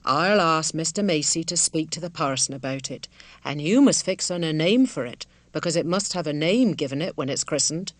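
A woman's voice: sits low, lively intonation, normal speed, dry recording. A woman voicing a kindly, devout village wife in an audiobook, speaking in a homely country dialect in an earnest, motherly way. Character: kindly rural village wife, middle-aged, simple and devout.

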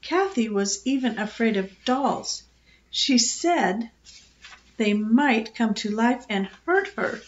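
A woman's voice: fairly high pitch, expressive, takes it slowly, lo-fi sound. A woman voicing a friendly neighbor mother who chats reassuringly.

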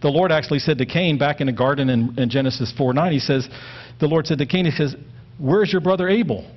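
A man giving a relaxed Bible lesson, mid-range voice, plain and direct, dull lo-fi recording. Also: mid-range voice, fast. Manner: plain-spoken, stresses words to make points. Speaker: Bible teacher. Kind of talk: conversational Bible teaching.

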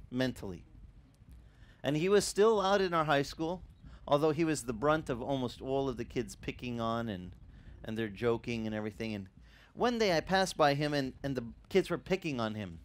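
A middle-aged male pastor giving a sermon, telling stories in an animated way and acting out the dialogue. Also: mid-range voice. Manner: animated storytelling that acts out dialogue.

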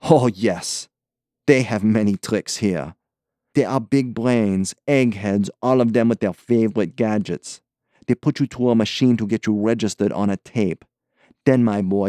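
A man's voice: lowish voice, measured pace, no room sound, studio quality, close to an everyday voice. A man voicing a scornful young man with a foreign accent, urging and mocking in a conspiratorial audiobook scene. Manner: mocking, urgent, forceful.

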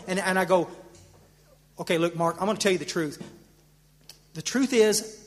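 High-voiced man telling a story in a reverberant hall. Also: a little hiss or hum. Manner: animated storyteller, voice jumps up for punchlines and drops low for reflection; frequent stammered restarts. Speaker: AA convention speaker. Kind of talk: personal recovery story told to an audience. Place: convention hall. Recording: hall reverb from a live convention talk.

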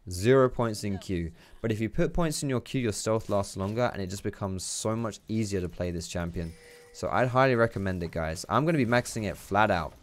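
A young man giving casual, excitable gameplay commentary, chatty and swearing freely. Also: on the low side, a little fast. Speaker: gaming YouTuber.

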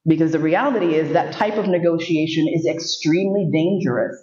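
With a low, warm voice and a slightly quick pace, this sexuality educator in her fifties from New York City gives a storytelling lecture full of candid humor, performing the voices of those she quotes. The audio comes across muffled and echoey.

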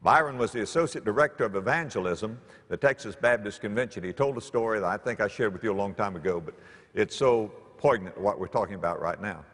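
A male pastor preaching a sermon full of stories, with dramatic swings in pitch and loudness. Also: fast talker. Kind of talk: storytelling sermon. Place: church sanctuary. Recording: long reverb of a large church.

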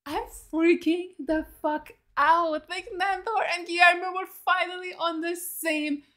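High-pitched woman gushing and swearing about a tv finale. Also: unhurried. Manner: excitable, swears a lot, screams at jump scares. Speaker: reaction video host. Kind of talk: casual reaction commentary.

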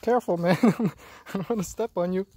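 A man's voice: high-pitched, normal speed, warm tone, husky. Playful man meowing at a cat. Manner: playful, nervously laughing, imitating cat meows. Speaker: vlogger. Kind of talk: casual vlog.

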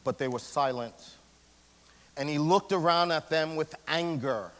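A male pastor giving a sermon in a casual, slangy way, swinging between loud emphasis and hushed near-whispers. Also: fairly high pitch, unhurried. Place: church sanctuary. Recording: long church hall reverb.

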